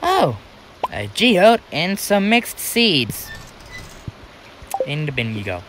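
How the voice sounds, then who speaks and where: American young guy rambling through a farming game, slow and kinda high, faint hiss behind. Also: sing-song. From United States. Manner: rambling, talks to himself with many restarts. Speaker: gaming channel host. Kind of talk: casual gameplay commentary.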